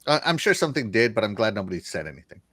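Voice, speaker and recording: A man's voice: fairly low pitch, big pitch swings, very fast, fairly bright tone, no room sound, studio quality. A man with a Southern American accent hosting a casual livestream, reading chat comments aloud and laughing often. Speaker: show host reading chat.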